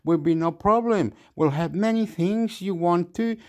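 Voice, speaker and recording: A man ranting at length, swinging between muttering and shouting and swearing a lot. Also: high voice, unhurried. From Australia. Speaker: vlogger reacting to clips. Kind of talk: rambling rant.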